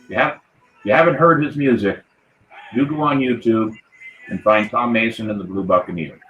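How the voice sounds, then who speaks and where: A man's voice: mid-range voice, a little fast, reverberant, muffled recording, soft background music. A man hosting a live pirate-themed podcast, talking in a hearty, playful way as the ship's captain. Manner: hearty, toasting, rallying the crew. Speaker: podcast host.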